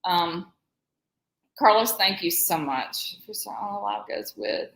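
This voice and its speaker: A woman's voice: on the low side, expressive, a little slow, gravelly, a bit bright. A woman in her forties with a Southern US accent, co-hosting a live stream in a rambling, chatty way and laughing often. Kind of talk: casual live-stream chat. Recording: echoey room.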